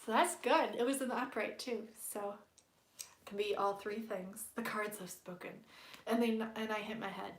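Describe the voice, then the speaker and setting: A woman's voice: mid-range voice, fairly even intonation, moderate pace, reverberant. A playful, giggly woman with a stuffy nose, chatting casually as a tarot reader on a live stream. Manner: playful and giggly, hums silly tunes.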